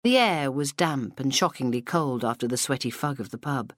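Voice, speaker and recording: A woman reading an audiobook novel aloud in a steady, measured way into a close mic. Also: very deep voice, no room sound. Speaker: audiobook narrator. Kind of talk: scripted narration. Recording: dry studio sound.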